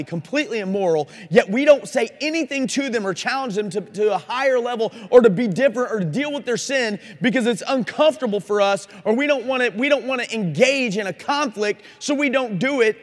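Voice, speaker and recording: A man preaching a sermon at a Christian conference, earnest and challenging, asking his listeners direct questions. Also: high voice. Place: conference hall. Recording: live recording in a reverberant hall.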